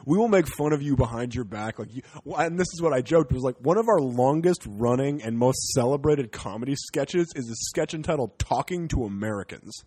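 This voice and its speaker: A man's voice: medium pitch, animated, a little fast, few pauses, a little mellow, husky. A man from Canada, a comedian, rambling and joking in casual podcast chat with some swearing.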